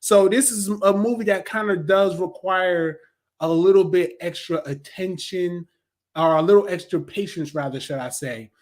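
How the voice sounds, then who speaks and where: A high-pitched man in his thirties rants happily about a film he loved, loose and slangy. He jumps into sarcastic impressions of critics and cheering crowds, then settles back into easy, rambling chat. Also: normal speed. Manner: animated, slangy, acts out crowds and critics in mocking voices. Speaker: movie reviewer. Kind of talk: casual review talk.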